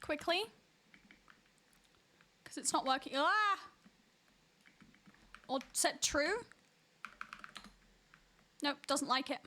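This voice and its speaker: A woman's voice: high voice, expressive, drawn-out words, long pauses, pushed and bright, a little hiss or hum. A woman streaming a game live, chatting and giving running commentary to other players. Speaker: streamer hosting a hide and seek game. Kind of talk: casual livestream chat while gaming.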